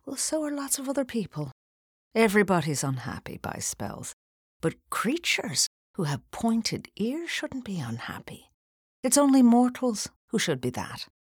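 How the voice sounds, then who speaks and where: A woman reading aloud, voicing a big, kindly priest who teases gently and slips into whispers. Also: on the high side, very animated, normal speed, slightly rough, no room sound, clean studio sound, pitched above the performer's own voice. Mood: gently coaxing. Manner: teasing, mellow and throaty, sometimes whispering. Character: Father Cassidy, genial Irish priest, big man. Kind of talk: audiobook character voice.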